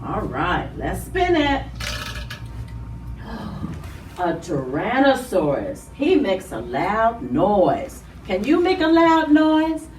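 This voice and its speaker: Animated woman hosting children's storytime. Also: mid-range voice, slight background noise. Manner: animated, drawn-out words, speaking to small children. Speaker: children's storytime host at a library. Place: library room. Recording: roomy, distant mic.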